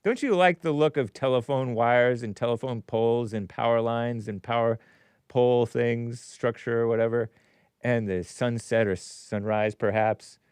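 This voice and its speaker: A man's voice: medium pitch, a little mellow, smooth, dry recording, clean studio sound. A man hosting a casual livestream, reading viewer comments aloud and giving opinionated asides with frequent chuckles. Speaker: show host.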